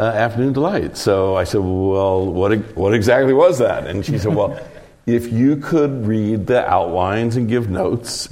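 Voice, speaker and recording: A man's voice: lowish voice, a little mellow. A middle-aged man, a producer and director, telling a rambling anecdote in an interview, full of fillers and restarts. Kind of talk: interview storytelling.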